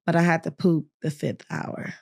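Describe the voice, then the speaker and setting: Animated woman telling a frank story. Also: deep voice, normal speed, creaky. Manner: animated, frank, acts out the people she quotes. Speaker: podcast guest. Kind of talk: casual storytelling.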